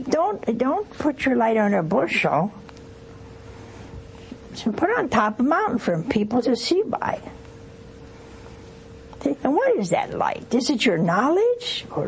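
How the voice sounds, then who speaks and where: A woman's voice: a little high, vocal fry, slight background noise, low-quality recording. An older woman, a nun hosting a call-in show, teaching devotion in an earnest manner and rousing her audience with questions.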